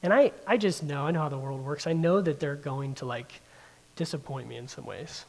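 Male pastor, 30s, slightly raised pitch; chatty, conversational preaching style with constant fillers. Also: fairly quick, creaky. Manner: conversational, heavy use of "like" fillers. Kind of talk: casual sermon. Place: in front of a room of listeners.

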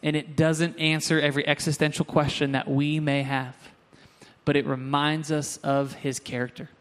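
A man's voice: a little high, little pitch movement, moderate pace, fairly bright tone, clean tone. A young adult man preaching a sermon in a church, moving from earnest teaching to joking asides with the congregation. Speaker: pastor. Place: church sanctuary.

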